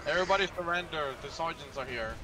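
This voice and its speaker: A man's voice: a little high, fast. A man playing a co-op game with friends on voice chat, joking and swearing. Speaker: co-op player on voice chat. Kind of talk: casual gaming chat with friends. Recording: noisy, distant voice chat mic.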